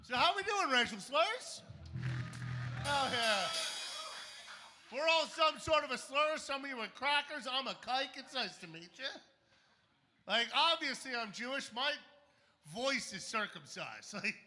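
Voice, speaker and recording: High, bright-voiced man doing stand-up. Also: sing-song, unhurried, pauses often, big-room sound, faint music behind. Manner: wry, punchy, dark jokes. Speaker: stand-up comedian. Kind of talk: stand-up set. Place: comedy club stage.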